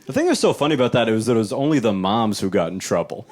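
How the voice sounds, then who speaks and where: A young adult man doing a live stand-up set in a small club, talking loosely and conversationally and jumping into animated voices for the people he quotes. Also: on the low side, fast. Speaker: stand-up comedian.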